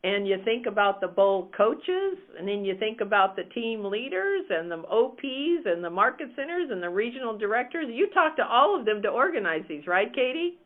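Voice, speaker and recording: A woman's voice: a little high, sing-song, normal speed, few pauses. An upbeat woman trainer talks emphatically and directly as she walks her listeners through a lesson. Her voice comes through a narrow, tinny phone line. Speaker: real estate team coach. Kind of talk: teaching a coaching call.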